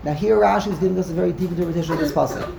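A man's voice: high voice, racing, gravelly, echoey room, crowd noise. A man teaching a text-study class, explaining emphatically, often repeating words and restarting sentences. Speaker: Torah teacher.

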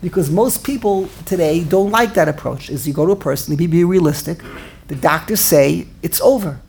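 In a religious class, a woman who teaches Torah muses aloud, pressing rhetorical questions and often restarting her sentences. Her fairly low voice is creaky and a little mellow, moving at a moderate pace, with slight background noise present.

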